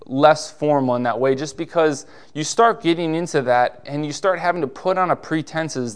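A male pastor preaching a sermon in a laid-back, conversational way, full of rhetorical questions and quick asides. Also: fairly high pitch, clean tone.

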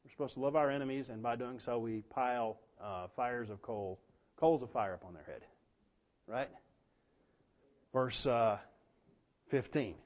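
A man teaching a Bible study, talking casually with many fillers and reading scripture aloud slowly and with weight. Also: mid-range voice, darkish tone. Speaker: pastor.

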